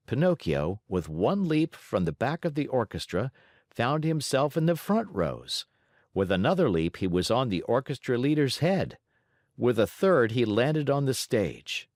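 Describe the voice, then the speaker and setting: A man narrating a classic children's story as an audiobook, in an expressive, varied delivery. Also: fairly low pitch, dry recording, studio quality.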